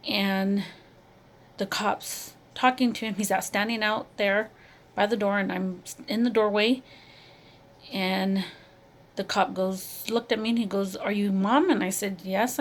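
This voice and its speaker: A middle-aged woman, a mother, telling her own story in a slow, halting and emotional way, with many pauses and repeated phrases. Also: medium pitch. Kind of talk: personal testimony to camera.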